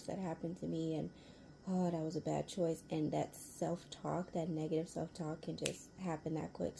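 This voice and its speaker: A woman sharing parenting advice in a casual storytelling vlog, chatty and quick to laugh, repeating her key points, recorded at home. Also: fairly low pitch, vocal fry, dark tone. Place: at home near a humming fridge. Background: faint fridge hum.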